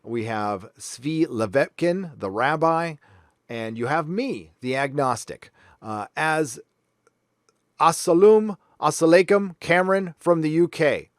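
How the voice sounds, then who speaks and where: A man's voice: a little high, lively intonation, slow, no echo, clean studio sound. A man hosting a livestream, reading out viewer super chats and thanking each one in a chatty, joking way. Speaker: livestream host.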